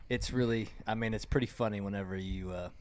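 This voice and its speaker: A man hosting a podcast, talking in a relaxed, rambling way with fillers. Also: fairly low pitch, fast talker, a little hiss or hum. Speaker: podcast host. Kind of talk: casual chat.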